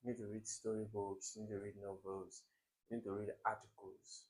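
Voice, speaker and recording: A man's voice: lowish voice, little pitch movement, fairly quick, a little mellow. A young man tutoring English for exams, emphatic, repeating words and quizzing the viewer. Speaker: exam tutor. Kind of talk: recorded exam-prep lesson.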